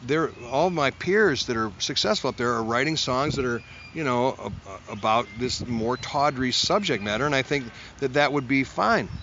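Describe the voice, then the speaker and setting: A man's voice: mid-range voice, animated, normal speed, hardly any pauses, a bit bright, dull audio, slight background noise. A man, a musician, telling long stories in a casual interview, full of restarts and acted-out quotes. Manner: rambling, self-interrupting, acts out quotes in a raised voice. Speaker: musician guest.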